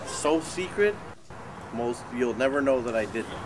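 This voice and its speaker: A man's voice: mid-range voice, moderate pace, noisy background. A man bragging and scolding in dry, exasperated comedic banter. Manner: boastful, exasperated, deadpan. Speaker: show regular talking with puppets.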